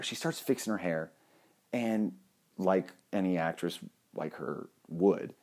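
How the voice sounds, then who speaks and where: A young man telling a funny personal story in a casual, animated way, cracking jokes and swearing now and then. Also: on the low side, a little slow.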